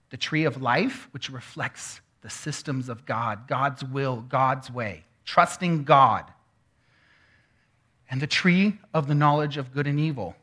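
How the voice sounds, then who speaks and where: A man's voice: mid-range voice, a bit bright. A man preaching a sermon in a teaching manner, often checking in with the room. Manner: teaching, asks the room questions. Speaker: pastor.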